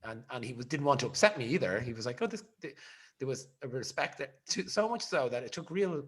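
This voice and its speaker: A man, hosting a podcast and telling a rambling, animated story in casual chat. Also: medium pitch, fairly quick, breathy edge. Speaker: podcast host.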